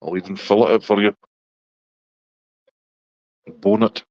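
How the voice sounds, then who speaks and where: A Scottish man hosting a casual live chat with viewers in a relaxed, chatty way. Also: a little slow, dry recording. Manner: relaxed, chatty, talks to his dog in a high baby voice. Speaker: livestream host chatting with viewers. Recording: dull lo-fi dry sound.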